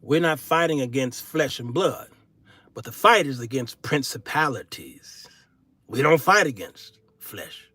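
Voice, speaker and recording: A middle-aged man hosting his own show in a solo monologue, turning from preachy sermonizing to folksy comic storytelling with shouted punchlines. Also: medium pitch, lively intonation, unhurried, breathy edge, dry recording. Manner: folksy, casual speech. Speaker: show host.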